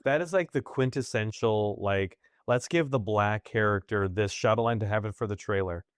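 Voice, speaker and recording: A man's voice: lowish voice, normal speed, clear, resonant tone, dry recording, clean studio sound. A man hosting a casual podcast, enthusiastic and full of fillers. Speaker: podcast host. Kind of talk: casual chat.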